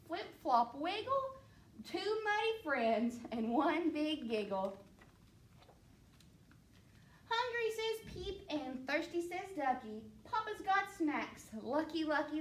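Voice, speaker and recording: A woman reads a picture book aloud to children, her very high voice bouncing up and down playfully and taking its time. She adds playful sound effects as she goes. She sounds a little far from the mic in an echoey room. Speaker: children's librarian.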